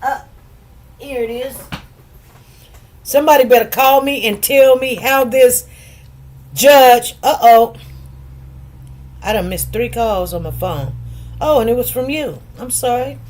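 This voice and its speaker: A woman's voice: on the high side, a little slow, pauses often, darkish tone, slight background noise. A middle-aged woman hosting a casual live stream, chatting loosely, greeting viewers by name and repeating words for emphasis. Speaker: livestream host.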